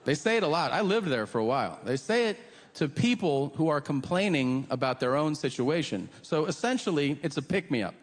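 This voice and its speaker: A man's voice: a little high, sing-song, a little fast. A man doing a stand-up comedy set, profane and mocking, often slipping into the voices of the people he describes. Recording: live hall recording with reverb.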